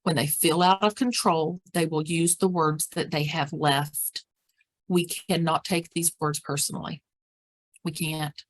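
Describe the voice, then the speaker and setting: A woman's voice: sits low, fairly even intonation, a little slow. Woman giving a caregiving lesson. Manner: warm, practical, repeats words for emphasis; acts out example phrases and whispers. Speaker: dementia care educator. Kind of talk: training presentation.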